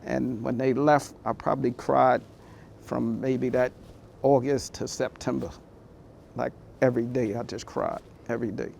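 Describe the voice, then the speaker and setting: A man's voice: mid-range voice, fairly even intonation, a little slow, gravelly, a little mellow, slight background noise. A man giving a motivational talk, telling his personal story in a candid, conversational, heartfelt way. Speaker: motivational speaker.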